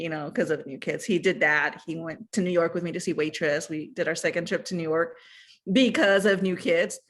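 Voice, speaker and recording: A woman telling a personal story in casual chat, animated, acting out what others said, with many fillers. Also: fairly low pitch. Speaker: guest.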